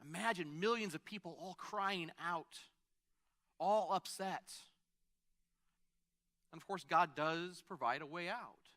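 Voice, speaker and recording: Male pastor, fairly high bright voice, casual preaching style with asides. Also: slow, long pauses. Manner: conversational, with frequent restarts and asides. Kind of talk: sermon.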